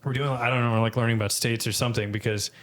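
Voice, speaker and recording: Young male podcast co-host, mid-pitched, crude, rambling storyteller. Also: fairly even intonation, very fast, a bit bright. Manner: rambling, laughing, swearing storyteller. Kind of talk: crude casual chat.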